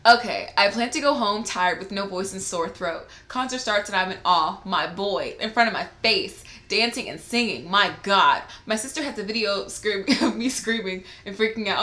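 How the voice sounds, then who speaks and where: Excitable young woman podcaster, bright voice. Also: mid-range voice, normal speed, hardly any pauses. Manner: excitable, laughs often, swears freely. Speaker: podcast co-host. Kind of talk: casual podcast chat, reading a listener letter aloud. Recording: roomy echo.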